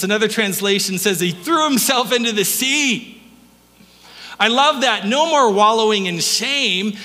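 A man preaching a sermon as pastor, telling a story in an animated way, acting out voices and laughing often. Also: sits high, in a large hall.

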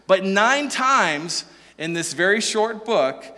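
A man preaching a sermon, animated and joking, asking the listeners question after question. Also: high-pitched, takes it slowly, big-room sound. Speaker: pastor.

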